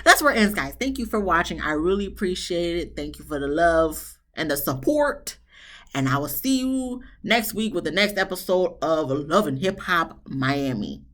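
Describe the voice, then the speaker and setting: A woman recapping a reality show episode in a casual, sassy way, often jumping into high exclamations. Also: normal speed. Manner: animated, sassy, jumps into high mock voices. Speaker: reality TV reviewer.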